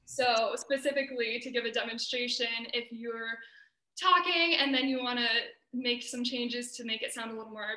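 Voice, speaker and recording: A woman's voice: on the high side, normal speed, pushed and bright, roomy sound, low-quality recording. A young American woman giving an earnest, explanatory student presentation over a video call. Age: young adult.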